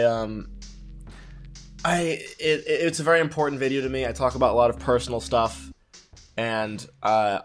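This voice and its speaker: An excitable young man talks about his videos as a podcast guest. He swears casually and often trips over his own sentence starts. Faint music plays under his voice. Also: mid-range voice. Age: young adult. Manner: excitable, swearing, many restarts. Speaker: guest YouTuber.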